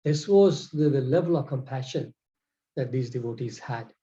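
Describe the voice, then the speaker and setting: A man's voice: medium pitch, normal speed, dark tone, lo-fi sound. A man giving a devotional scripture lecture, telling stories in an earnest, stop-start way.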